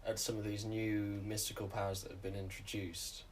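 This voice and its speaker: A man co-hosting a podcast in casual chat, talking haltingly with many restarts. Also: fairly low pitch, little pitch movement, crowd noise. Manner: halting, hesitant, restarts often. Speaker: podcast co-host. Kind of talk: casual film discussion. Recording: distant mic with faint room noise.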